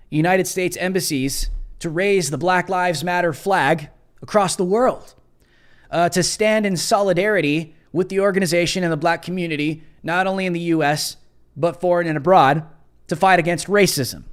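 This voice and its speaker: A man hosting his own show, delivering combative, emphatic political commentary and hammering points through repetition. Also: a little high. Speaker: host.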